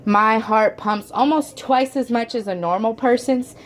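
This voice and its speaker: This mother of four talks to the camera from inside her home at a measured pace, her voice a little high. Her chat is casual and rambling, dotted with fillers, restarts, and a homey "y'all" here and there.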